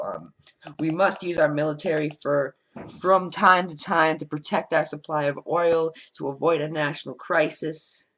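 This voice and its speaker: A man's voice: a little high, a bit bright, rough recording. A man and let's play host, reading quiz statements aloud and answering them bluntly, with frequent ums, on a home desk microphone.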